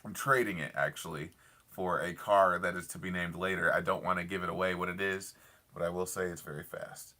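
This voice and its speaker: This is a young man with a low, bright voice chatting to his live stream viewers from a parked car late at night. He is enthusiastic and rambling, circling back with "I love it" and "I don't know" as he answers comments. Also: steady tone, brisk. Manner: enthusiastic, rambling, lots of fillers and repeats. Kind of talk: casual live stream chat reading comments.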